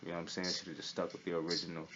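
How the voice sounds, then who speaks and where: Young man, very deep voice, swaggering profane storyteller; lo-fi recording with light hiss. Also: level tone, very fast. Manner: profane, streetwise, keeps asking "you feel me". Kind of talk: casual storytelling. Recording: slightly dull recording with faint hiss.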